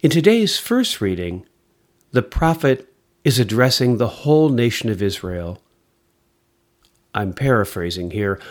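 A man reading scripture and preaching a sermon in a measured, expressive way. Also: mid-range voice. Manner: slow, measured and expressive delivery.

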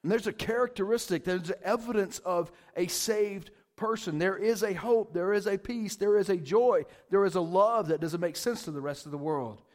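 A man preaching a casual, conversational sermon, often asking "right?" and rising loud for emphasis. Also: moderate pace, hardly any pauses. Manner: animated, rises loud for emphasis; high-pitched voice. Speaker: pastor.

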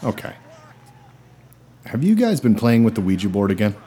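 A man acting in a comedy sketch, with a dry, exasperated deadpan delivery. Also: fairly low pitch, moderate pace, husky. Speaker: comedy podcast host.

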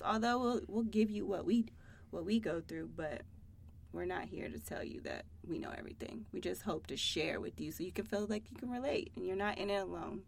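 A woman co-hosting a casual motherhood podcast, animated and playful. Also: mid-range voice, creaky. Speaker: podcast co-host. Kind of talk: casual chat.

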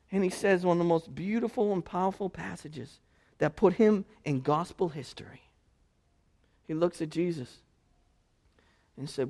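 A high-pitched man delivering a sermon as a pastor. He moves between conversational storytelling and loud, impassioned preaching. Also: normal speed, pauses often.

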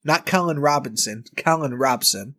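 A man's voice: medium pitch, normal speed, pushed and bright. A man hosting a casual podcast chat, telling a story with dry, jokey asides.

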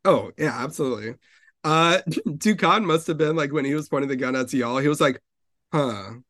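An enthusiastic podcast co-host in casual chat, voice at an average pitch. This speaker slips into acted-out character lines with gusto. The sound is dry and close-miked. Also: a little fast, fairly bright tone, dry recording.

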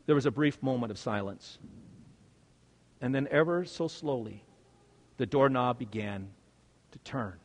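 A male pastor preaching a sermon, swinging from loud, stressed words to hushed, quiet lines. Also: medium pitch, unhurried, long pauses, big-room sound.

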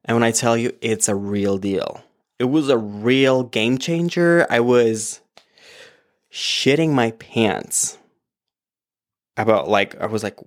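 A man with a medium-pitched voice talks slowly, hosting his own podcast alone in his apartment at home. His solo monologue is casual, candid and rambling, packed with fillers and frequent swearing. He's recorded on a podcast microphone attached to an iPad.

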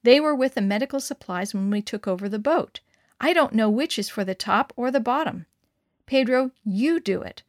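A flustered, practical nurse, read by a woman storyteller. She talks briskly, a little unsure, in a fairly high voice. The recording is dry and close. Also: lively intonation, dry recording, close to an everyday voice.

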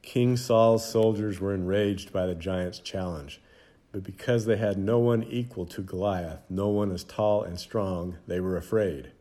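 A man narrates a children's Bible story in a measured, dramatic way. His voice is low and mellow, with a warm, rounded tone. The reading is scripted and unhurried.

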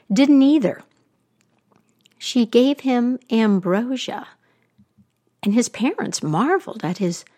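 A woman storyteller retelling a myth aloud with an expressive, animated delivery. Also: medium pitch.

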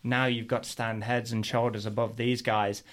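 A middle-aged man from England, a guest telling stories in a casual, animated way and acting out what people said. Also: mid-range voice, moderate pace. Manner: animated, acts out quotes in his stories. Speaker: guest, pro BMX rider. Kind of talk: casual storytelling.

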